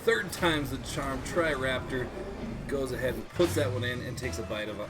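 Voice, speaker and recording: A man's voice: medium pitch, normal speed. A man co-casting a video game match, dry and teasing, often answering in short quips. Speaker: esports co-caster. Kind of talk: live color commentary.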